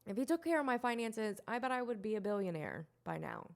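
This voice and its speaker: A woman's voice: medium pitch, sing-song, a little fast, vocal fry. A woman in her twenties hosting a solo podcast, rambling and self-mocking, swearing and laughing often. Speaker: podcast host.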